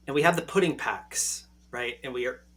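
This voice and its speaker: A man in his forties telling a personal story as a podcast guest, animated and checking in with "right?" at the end of his sentences. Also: medium pitch.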